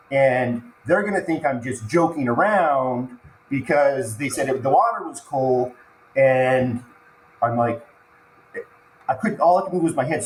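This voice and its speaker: A man tells a harrowing personal story, stumbling through repeated restarts and choking up in places. His voice sits at an ordinary middle pitch. The recording carries a roomy echo and a faint ambient hiss. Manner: halting, full of restarts, choked up while recounting. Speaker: podcast guest.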